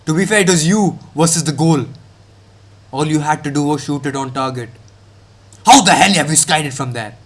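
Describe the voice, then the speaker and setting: A young man with a slightly high voice rants about football matches. He is heated and mocking, with a lot of slang, and he talks straight at the players. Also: moderate pace, long pauses, fairly bright tone. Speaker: football reaction streamer. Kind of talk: ranting football reaction.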